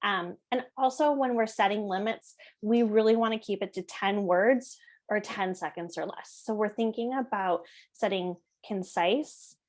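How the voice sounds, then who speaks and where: Woman, parenting educator; calm, conversational delivery, frequent check-ins with listeners. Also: medium pitch, unhurried. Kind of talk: explanatory talk to parents.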